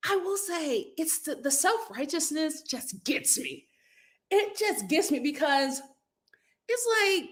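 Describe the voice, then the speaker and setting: A woman hosting a casual vlog, recapping a reality show with animated, opinionated commentary and frequent laughter. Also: high-pitched, takes it slowly.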